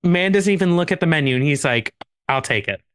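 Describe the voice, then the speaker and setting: A man's voice: fairly high pitch, lively intonation, fairly quick, fairly bright tone, smooth. A man co-hosting a podcast, telling a long anecdote casually among friends, full of restarts and laughter. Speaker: podcast co-host.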